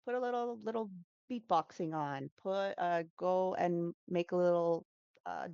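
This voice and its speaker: A woman's voice: fairly low pitch, darkish tone, clear, resonant tone, dry recording, lo-fi sound. A woman who teaches English pronunciation, chatting as an interview guest with lots of fillers and self-corrections. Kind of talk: casual interview answers.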